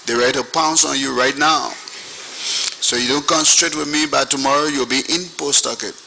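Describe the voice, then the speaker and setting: A man's voice: medium pitch, steady tone, moderate pace, creaky, bright, forceful tone, a little hiss or hum, rough recording. A man quoting a stern army major who threatens him, blunt and commanding. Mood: threatening.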